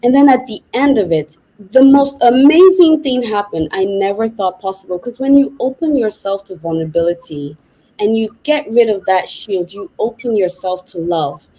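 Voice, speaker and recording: A woman psychotherapist, a podcast guest, telling a personal story in a lively, vivid way. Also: medium pitch, normal speed, poor audio. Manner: animated, vivid retelling with laughs.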